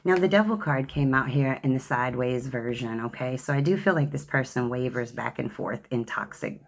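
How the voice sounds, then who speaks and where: A woman's voice: a bass voice, a little fast, vocal fry. A woman giving a tarot card reading in a sassy, chatty way, calling the listener honey and child. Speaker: tarot reader.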